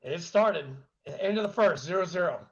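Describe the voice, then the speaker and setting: A man's voice: high-pitched, animated, moderate pace, highs cut off, slight background noise. A man hosting a podcast in casual chat, joking loosely and swearing freely. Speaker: podcast host.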